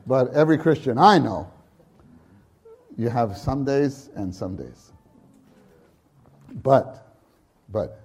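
A man preaching a sermon at a conference, unhurried and halting, with many restarts and sudden fervent rises. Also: mid-range voice, big pitch swings, gravelly, a little mellow, breathy edge.

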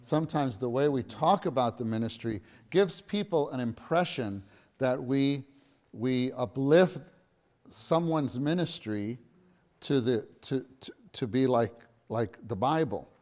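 A man's voice: medium pitch, a little slow, a little mellow. Earnest middle-aged man teaching a church lesson. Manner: earnest, repeats phrases for emphasis. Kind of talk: church teaching talk to a gathering.

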